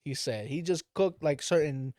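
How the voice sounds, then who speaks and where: A man's voice: fairly high pitch, normal speed, no echo, clean studio sound. A man telling a story as a podcast guest in a loose, profane way, voicing the people in it. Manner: animated, profane, acts out quoted voices. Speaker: father of daughters. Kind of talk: casual storytelling.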